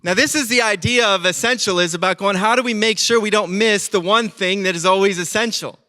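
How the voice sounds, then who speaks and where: Bright, animated male pastor preaching. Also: sits high, brisk. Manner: animated storytelling, acting out quoted voices. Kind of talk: sermon.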